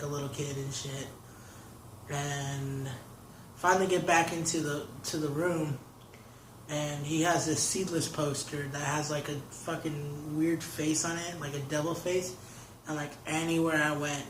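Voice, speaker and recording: Young guy rambling thru a story, says like a lot, kinda high voice, faint hiss. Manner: rambling, fills talk with "like". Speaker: interview guest. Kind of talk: casual storytelling. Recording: roomy echo.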